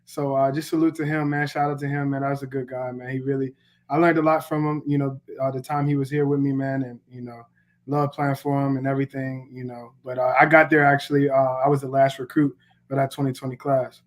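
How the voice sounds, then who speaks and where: A man's voice: mid-range voice, little pitch movement, a little fast. A young man from Pittsburgh, a college football player, answering interview questions in a laid-back way, filling with "man" and "you know.". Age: young adult.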